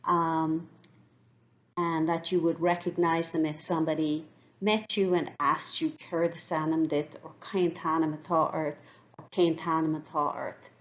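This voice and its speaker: A woman with a low, fairly flat voice speaks at a measured pace in a muffled recording. She teaches a beginner language lesson slowly and clearly, patiently repeating each phrase in drills for learners to copy.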